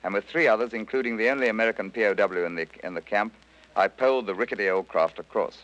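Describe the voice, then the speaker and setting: A man, a former prisoner of war, giving a measured, scripted first-person account for radio. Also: lowish voice, fairly bright tone. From Britain. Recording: dull archival radio recording.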